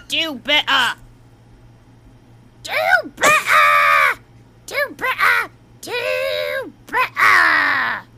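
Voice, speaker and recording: A woman voicing a squeaky, bossy little gremlin who yells short scolding demands. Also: vocal fry, slight background noise, full character voice.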